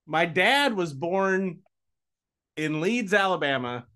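Guy in his 40s, play-by-play announcer, fairly high voice, dry jokey podcast banter. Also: lively intonation, bright, forceful tone, clean tone. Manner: dry, self-mocking, quick to laugh. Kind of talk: casual sports podcast chat.

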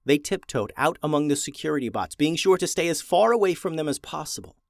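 A man reading a children's story aloud in a fairly high voice, expressive and slowing down to build suspense. The recording is dry and close, with no room sound. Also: creaky, no room sound.

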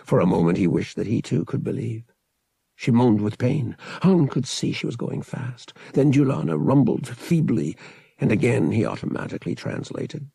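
A man reading an audiobook in steady, measured narration. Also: on the low side, gravelly, breathy edge, no room sound.

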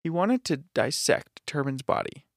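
A man's voice: fairly high pitch, lively intonation, a little slow, no echo. Man, podcast co-host, reading ghost lore aloud, casual asides, dry close mic. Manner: reads aloud with asides and swearing.

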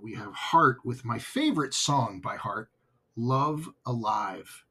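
A male podcast host talks unhurriedly, with a husky edge to his voice. His delivery is earnest and grateful, in a casual solo-show style. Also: medium pitch. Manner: heartfelt and grateful, slow and earnest.

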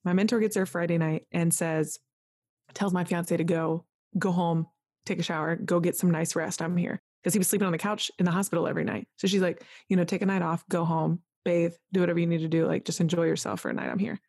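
A woman with a slightly low voice recounts a frightening personal story as a podcast guest. Her telling is animated and rambling, leaning on "like" and acting out other people's lines, and the sound is close and dry. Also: quick pace, no room sound. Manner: animated, full of "like", acts out quoted voices. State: tearful at moments.

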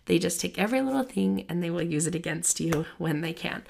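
A woman's voice: fairly low pitch, lively intonation, brisk, gravelly, hardly any pauses, darkish tone. A woman in her thirties hosting a podcast, talking casually and self-deprecatingly, with many restarts. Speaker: podcast host.

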